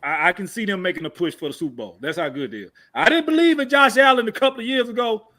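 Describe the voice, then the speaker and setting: A man's voice: sits high, animated, fast, bright, forceful tone. A man from Tennessee, co-hosting a sports podcast, ranting and cursing in heated casual talk. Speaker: podcast co-host.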